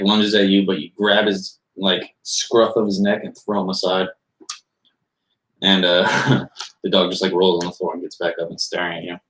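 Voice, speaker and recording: A man's voice: sits low, a bit bright. A young man narrating as game master, rambling loosely with lots of filler words. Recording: roomy echo.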